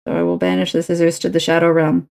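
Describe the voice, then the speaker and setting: A woman's voice: lowish voice, completely flat delivery, quick pace, gravelly, a little mellow, clean tone. A woman, chatting and rambling to herself and her viewers while she crafts on a stream. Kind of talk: casual chat while crafting.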